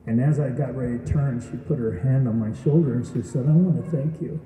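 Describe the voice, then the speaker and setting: A man's voice: mid-range voice, steady tone, fairly quick, warm tone, slight background noise. A man giving an earnest testimonial speech at a graduation event, telling his story and asking the audience questions. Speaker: graduation speaker. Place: event hall. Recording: echoey hall from far off.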